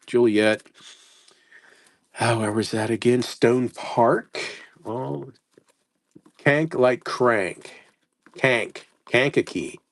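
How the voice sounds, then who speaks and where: A man's voice: on the low side, no room sound. A man running a casual live sales stream, reading out place names and stumbling over how to say them, self-mocking. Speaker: live-stream postcard seller.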